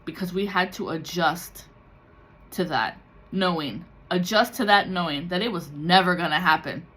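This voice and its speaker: Forceful, bright-voiced woman speaking candidly. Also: fairly low pitch, normal speed, breathy edge. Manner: raw and confessional, swears freely, acts out other people's voices. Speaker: tarot reader and spiritual content creator. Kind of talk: candid emotional personal vlog.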